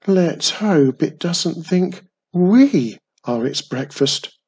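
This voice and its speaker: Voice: medium pitch, expressive, drawn-out words, darkish tone, breathy edge, voice pushed up, exaggerated voice. A reader voicing a nervous, complaining young male wizard in a storybook, stammering and grumbling. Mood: uneasy. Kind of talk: storybook reading.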